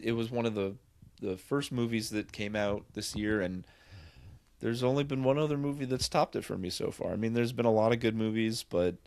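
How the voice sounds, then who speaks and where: A man's voice: on the low side, a little mellow, no room sound. A man co-hosting a podcast, rambling enthusiastically about films in casual chat with lots of fillers. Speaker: podcast co-host.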